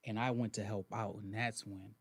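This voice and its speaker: A man on a radio talk show telling a story from his college days, hesitant and halting. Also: lowish voice, steady tone, dry recording.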